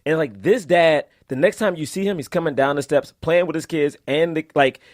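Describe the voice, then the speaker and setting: Animated podcast man, dry close mic. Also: on the high side, a little fast, dry recording. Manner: animated storytelling, lots of "like" and "yo". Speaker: podcast co-host. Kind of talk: casual film discussion.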